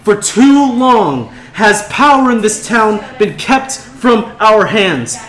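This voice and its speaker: A man voicing a fiery woman rebel leader who rouses a mob with a shouted, rallying speech. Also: sits high, expressive, slow, pitched above the performer's own voice, full character voice. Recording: roomy room with crowd chatter.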